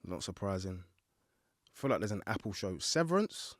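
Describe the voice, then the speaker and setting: A man's voice: sits low, sing-song, normal speed, no echo, clean studio sound. A man who is a podcast guest, thinking aloud under quiz pressure with many ums and self-mocking remarks. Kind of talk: casual podcast chat.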